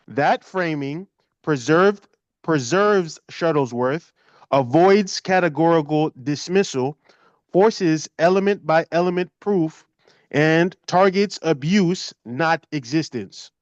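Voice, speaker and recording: A man reads a prepared legal passage slowly and carefully, in a slightly high voice. His audio is dull and lo-fi, like a computer mic on a video call. The sound is dry, with no room echo. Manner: measured, careful reading. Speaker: call participant. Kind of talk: reading a prepared legal text aloud.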